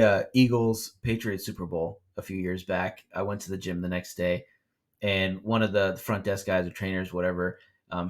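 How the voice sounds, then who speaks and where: A young man co-hosting a sports podcast, talking casually and ranting with laughs. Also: low voice. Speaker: podcast co-host.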